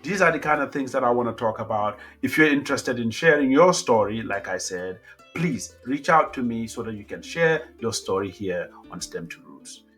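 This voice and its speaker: A man hosting a podcast talks through a casual, emphatic monologue, full of fillers. His voice sits at an ordinary middle pitch, and faint guitar plays underneath. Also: animated, moderate pace, fairly bright tone. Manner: conversational, emphatic, many fillers. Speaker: podcast host.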